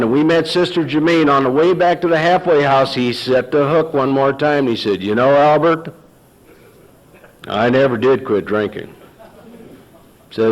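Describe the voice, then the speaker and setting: A man's voice: mid-range voice, low-quality recording. Middle-aged man, folksy storyteller, quotes dialogue. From Texas. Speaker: recovery meeting speaker. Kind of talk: personal story told to an audience.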